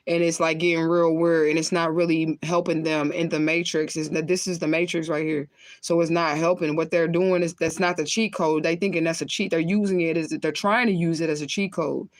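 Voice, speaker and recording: Speaking a little fast in a low, level voice, a spiritual reader rambles and curses through a casual livestream. She laughs often and lights up, smoking between thoughts as she chats. The recording is dry.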